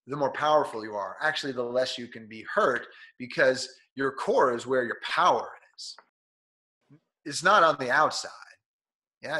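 A man speaks as an interview guest, coaching listeners on performing. His tone is bright and forceful, with a slightly nasal edge from being sick. He talks with lively energy and often acts out what others say. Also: medium pitch. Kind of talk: conversational interview.

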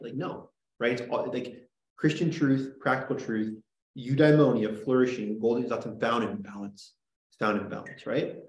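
Chatty male teacher, echoey classroom. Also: mid-range voice. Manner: chatty, jokey, lots of "right?" and "like". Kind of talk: classroom lecture.

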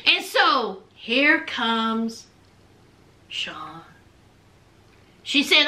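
High bright sassy woman vlogger. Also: expressive, drawn-out words. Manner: chatty, sassy storytelling with quoted lines. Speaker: reality TV recap vlogger. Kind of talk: casual recap commentary.

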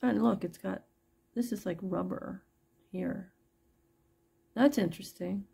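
Casual online seller, woman, gravelly low-energy delivery, unhurried, chatty. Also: warm tone. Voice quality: gravelly, husky. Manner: chatty, pricing each piece aloud as she goes. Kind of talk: casual live sales chat.

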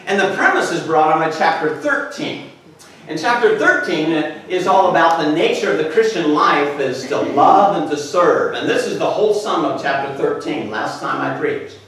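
An older man preaches from the pulpit in a high, lively voice that swings up and down as he tells stories and acts out other people with a laugh. He sounds far from the mic, and the church around him rings with a heavy echo and a faint room hum. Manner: animated, laughing storyteller who acts out voices. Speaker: pastor. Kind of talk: sermon. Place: church sanctuary. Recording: echoey church recording from far off.

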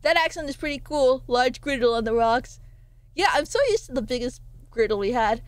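Excitable woman streamer, bright and dry. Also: high voice, a little fast, dry recording. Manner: playful, excitable, rambling with frequent laughs. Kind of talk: casual gaming stream chatter.

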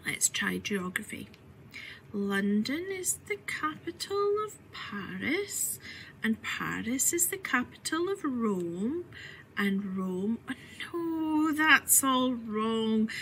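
A woman voicing a curious, fretful little Victorian girl in a storybook reading, switching between a bright voice and hushed whispers. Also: fairly high pitch, slight background noise, full character voice, poor audio.

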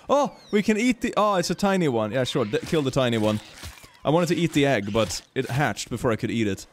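A man streaming a video game, chatting and thinking aloud as he plays and often breaking into high laughter. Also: big pitch swings, fairly quick, a little hiss or hum. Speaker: gaming streamer. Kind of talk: live game commentary.

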